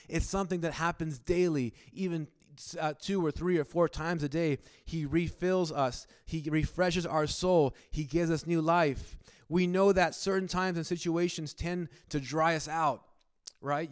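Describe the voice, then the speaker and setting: A man's voice: fairly high pitch, darkish tone, clear, resonant tone, dry recording, studio quality. A man preaching a sermon at a church service in a conversational style, often restarting words and asking the congregation questions. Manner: asks the congregation direct questions. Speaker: pastor.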